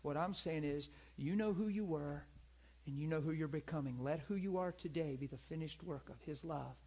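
A male preacher with a husky voice that sits a little high. He talks through his sermon in an earnest, conversational way and often turns to the listeners for agreement. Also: normal speed, darkish tone. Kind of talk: sermon with personal story.

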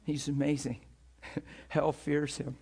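A man's high-sided, creaky voice carries a slow sermon, with a little hiss or hum in the audio. As a pastor, he animatedly relates a personal story, breaking into laughs and repeating words often.

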